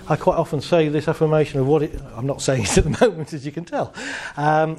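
A man's voice: a little high, quick pace. A man giving a playful live motivational talk to an audience, telling jokes and stories. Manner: playful, joking, animated storytelling. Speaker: motivational speaker.

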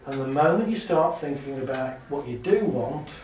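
A man's voice: mid-range voice, normal speed, far from the mic, slight background noise. Chatty man in an echoey hall. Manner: lively, chatty, laughs often, acts out little scenes. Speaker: speaker giving a talk. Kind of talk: live talk to an audience. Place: large hall with an audience. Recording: very echoey hall, speaker off mic.

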